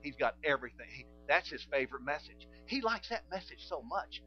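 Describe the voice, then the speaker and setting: A man preaching a sermon, telling stories and acting out conversations in quieter voices. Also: fairly high pitch, brisk, highs cut off, soft background music. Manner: animated storytelling, acting out dialogue in quiet voices.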